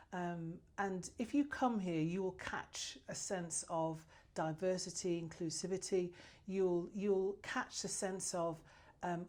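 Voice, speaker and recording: A woman's voice: lowish voice, darkish tone. A woman answering interview questions as a new business chamber president, passionate and effusive, with frequent restarts.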